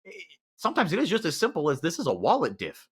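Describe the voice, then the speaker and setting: A man doing live play-by-play commentary on an esports match, calling the action quickly and often repeating words as he thinks. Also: on the high side, slightly rough. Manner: rapid, animated calling with frequent repeated words.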